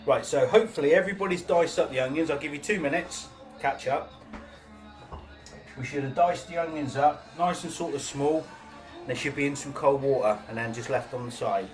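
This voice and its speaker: A man's voice: fairly high pitch, normal speed, soft background music. A man hosting a casual live cooking class, chatty, jokey and informal as he demonstrates.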